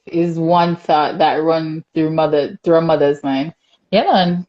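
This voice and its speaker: A young adult woman with a Jamaican accent hosts a podcast-style casual talk show, reading viewer comments and laughing a lot. She's animated and chatty, with a deep, unhurried voice, and the highs are cut off.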